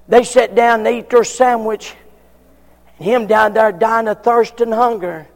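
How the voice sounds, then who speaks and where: A man preaching a folksy sermon that climbs to shouted peaks. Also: sits high, fairly even intonation, a little slow, big-room sound.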